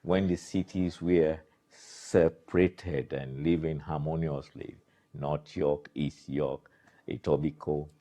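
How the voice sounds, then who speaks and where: Deep-voiced guy ranting about politics, slow and emphatic. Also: steady tone, warm tone. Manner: emphatic, preachy delivery. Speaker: commentator. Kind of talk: political commentary monologue.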